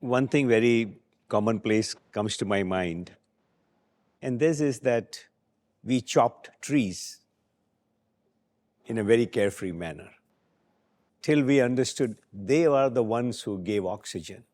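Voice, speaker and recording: Man, low voice, measured and reflective, hosting a live talk. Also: a little mellow. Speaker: host. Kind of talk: moderating a conversation.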